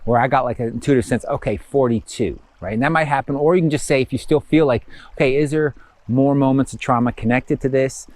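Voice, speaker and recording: A man's voice: medium pitch, a little mellow, dry recording. Casual rambling male spiritual teacher. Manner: rambling, filler-heavy, slows for guided affirmations. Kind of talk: casual guided instruction.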